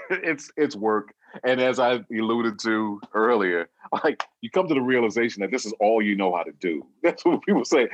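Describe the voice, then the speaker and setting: A husky man with a lively, swinging pitch, chatting as a guest and breaking into laughter and playful mock voices. The sound is dry and a little dull, as if recorded close with little room. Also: normal speed, dry recording. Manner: laughs often, animated storytelling with mock voices. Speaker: musician guest. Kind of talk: casual interview chat.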